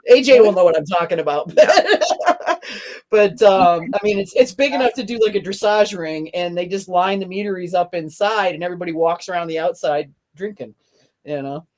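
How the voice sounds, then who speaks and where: A podcast host, a woman with a slightly low voice. She talks in a loose, rambling way and breaks into laughter often as she chats. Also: a little fast, a little mellow. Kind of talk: casual chat.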